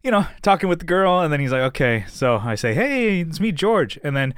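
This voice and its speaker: A man's voice: medium pitch, fast talker, clean tone, no room sound, clean studio sound. A man co-hosting a podcast in casual chat, retelling stories and acting out the quotes in raised voices. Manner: animated storyteller, acts out quotes in raised voices. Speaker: podcast co-host.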